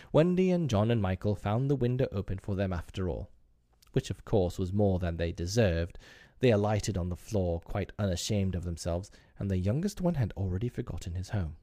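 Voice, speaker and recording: A man narrating a storybook in an expressive, wry way. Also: sits low, dry recording, clean studio sound.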